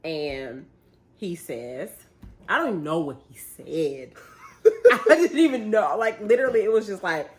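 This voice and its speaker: A young woman, casually telling a story, animated and laughing as she acts out what people said. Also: lowish voice, a little slow. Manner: animated, laughing retelling with quoted voices. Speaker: vlogger, bride-to-be.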